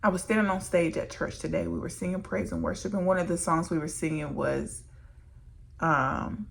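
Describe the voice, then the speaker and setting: A woman speaking to her viewers with earnest, emotional candor as she shares a faith testimony. Her low voice has a gravelly, creaky edge, and she talks to them warmly as "y'all.". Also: fairly even intonation, normal speed. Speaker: licensed minister and vlogger. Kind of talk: candid faith testimony to camera.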